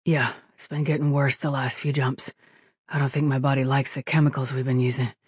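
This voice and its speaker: A narrator voicing an ailing ship captain who sounds rough and shivery and speaks through gritted teeth with grim humor, in an audiobook. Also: male voice, medium pitch, little pitch movement, brisk, no echo, studio quality, lightly acted. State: shivering, sick. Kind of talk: audiobook character voice.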